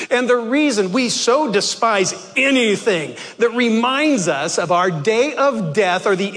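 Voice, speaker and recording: A male pastor preaching a sermon, slow and dramatic, dropping to hushed low lines and adding jokey asides with a chuckle. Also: in a large hall. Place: church.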